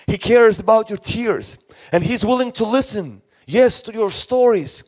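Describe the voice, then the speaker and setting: A man's voice: high-pitched, moderate pace, darkish tone. A man preaching an earnest sermon in short, repeated phrases, a Russian speaker talking in English. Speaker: pastor. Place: church.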